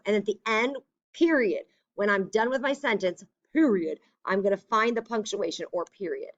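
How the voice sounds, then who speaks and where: A woman's voice: medium pitch, normal speed, highs cut off. A woman teacher giving a remote lesson to young children, explaining step by step in a patient, upbeat way.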